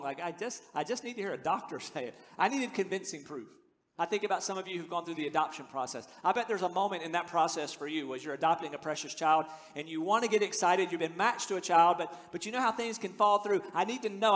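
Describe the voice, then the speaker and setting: A man's voice: sits high, a bit bright. A man in his fifties preaching a sermon as pastor, earnest and conversational, building to emphatic declarations. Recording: long reverb of a large hall.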